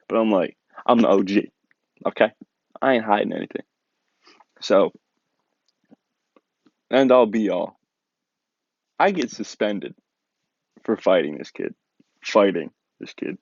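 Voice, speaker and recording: A young man with a low voice tells a story in a loose, animated storytime way, packing his speech with "like". The sound is dry and a bit dull, like a lo-fi home recording. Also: a little slow, long pauses, no echo. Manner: animated, filler-heavy, lots of "like". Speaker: vlogger telling a personal story. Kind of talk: casual storytime.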